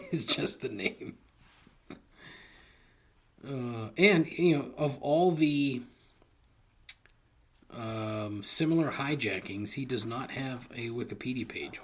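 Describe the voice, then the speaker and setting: A medium-pitched, slightly breathy male voice belongs to a podcast host doing a solo comedy show. He swears his way through rambling bits into a close studio mic and laughs at his own material.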